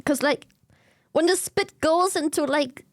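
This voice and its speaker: A young woman hosting a livestream, chatting casually with a giggly, swearing, animated manner on a desk mic. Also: sits high, a little slow, no room sound. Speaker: livestream host. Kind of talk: casual chat with stream chat.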